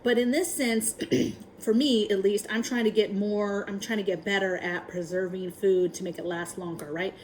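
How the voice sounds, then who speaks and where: A woman hosting a casual how-to vlog, chatty and upbeat, often filling pauses with "um" and adding "right?" to her sentences. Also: mid-range voice, fairly even intonation, a little hiss or hum, rough recording. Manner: chatty, frequent ums and tag questions; upbeat and enthusiastic. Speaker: prepping vlogger.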